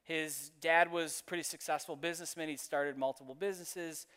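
A man's voice: fairly high pitch, fairly even intonation, a little fast, fairly bright tone, clear, resonant tone, in a large hall. A man giving a sermon as pastor, speaking in a conversational, personal storytelling manner.

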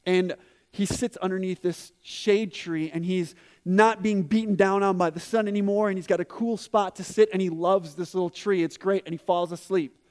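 A man with a bright, high voice preaches a sermon, addressing the kids in the room too. He tells the story with lively energy and acts out each quoted line. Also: moderate pace. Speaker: pastor. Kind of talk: sermon to a congregation with children.

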